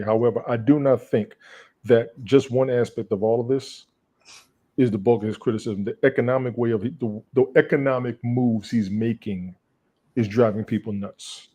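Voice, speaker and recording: A man co-hosting a casual talk show, arguing politics in a measured, deliberate way and standing firm when he disagrees. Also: medium pitch, steady tone, mellow.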